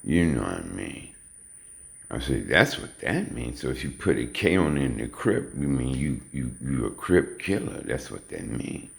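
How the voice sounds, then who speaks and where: A man's voice: a bass voice, big pitch swings, moderate pace, gravelly. A man giving a rambling, casual monologue in streetwise slang. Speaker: vlogger. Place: home in suburban Houston.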